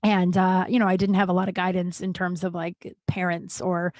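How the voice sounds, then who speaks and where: A woman's voice: on the low side, little pitch movement, moderate pace, a little mellow, no echo. A woman in her thirties from Colorado, hosting a podcast and telling a personal story in a candid, self-mocking way with plenty of swearing. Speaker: podcast host. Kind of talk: casual storytelling monologue.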